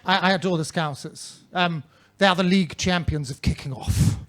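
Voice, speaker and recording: Bright-voiced, theatrical male comedian. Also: high voice, moderate pace. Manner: mannered, theatrical, droll. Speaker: stand-up comedian. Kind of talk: stand-up comedy. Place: comedy club stage.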